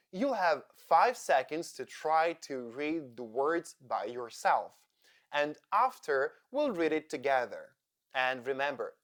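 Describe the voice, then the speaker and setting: Woman, pronunciation teacher, deep voice, unhurried scripted delivery, repetitive drills. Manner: drills vowel sounds slowly, repeating each one. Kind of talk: slow scripted lesson narration.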